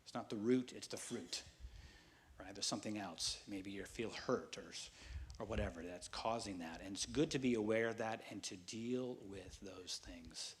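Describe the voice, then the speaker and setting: A man, a pastor, preaching in a relaxed, conversational way with fillers. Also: lowish voice, normal speed. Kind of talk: sermon.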